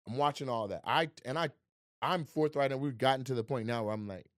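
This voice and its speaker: Animated, swearing male storyteller. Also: a little fast, no echo, clean studio sound. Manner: animated storyteller, swears freely, acts out quotes with big pitch jumps. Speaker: guest comedian. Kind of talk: casual podcast chat.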